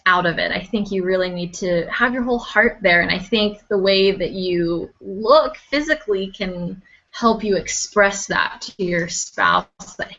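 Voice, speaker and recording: A woman's voice: medium pitch, a little slow, fairly bright tone. A woman guest in a casual chat, speaking earnestly with many fillers. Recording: dull lo-fi sound.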